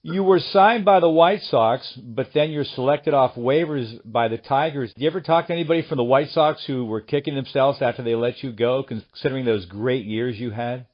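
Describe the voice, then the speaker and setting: Male interviewer, mid pitch, slightly muffled sound, long questions. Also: normal speed, hardly any pauses. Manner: reads out stats, asks long questions. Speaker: interviewer, host.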